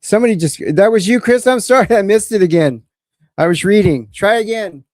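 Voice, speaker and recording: A man with a high-pitched, darkish voice hosts a live call-in stream, talking briskly and casually. He rambles along with crude humor while battling technical difficulties, and the recording is dry.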